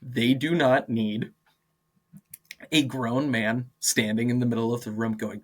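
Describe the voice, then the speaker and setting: A man's voice: mid-range voice, unhurried. Chatty young man telling teaching stories. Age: 20s. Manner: animated, acts out quoted dialogue, many "like" fillers, laughs often. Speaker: podcast guest, martial arts and PE teacher. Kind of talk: casual interview storytelling.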